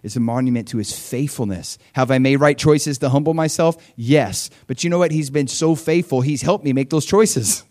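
A man in his forties preaching a sermon as a pastor, in an animated, conversational style that swings between quiet asides and loud bursts. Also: mid-range voice, normal speed, hardly any pauses. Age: 40s.

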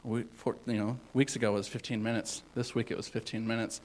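A man giving an informal sermon as a youth pastor, rambling with many fillers and swinging between loud and hushed. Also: on the low side, little pitch movement, quick pace, a little hiss or hum, low-quality recording.

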